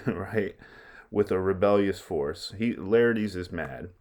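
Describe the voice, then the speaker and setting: A man's voice: low-pitched, expressive, slow pace, darkish tone. A man teaching a play, stopping between readings to explain the lines in casual everyday words.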